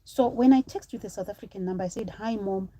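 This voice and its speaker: A woman's voice: medium pitch, quick pace, warm tone, slight background noise, rough recording. A woman from Zimbabwe in her thirties, chatting on a live stream, telling a personal story to viewers and breaking off to thank supporters.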